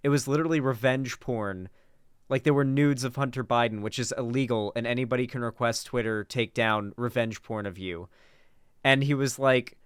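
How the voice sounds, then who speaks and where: A man's voice: medium pitch, a little fast, a bit bright, clean tone, no echo, clean studio sound. A man hosting a commentary channel, reacting to a debate clip with casual, chatty talk and sarcastic asides.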